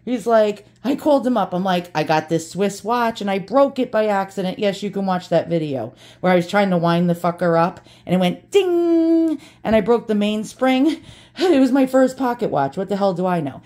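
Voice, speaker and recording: A woman's voice: mid-range voice, animated, normal speed, warm tone. Profane joking woman unboxing. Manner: brash, profane, joking, talks to viewers. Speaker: vlogger unboxing antiques. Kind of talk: casual unboxing chat.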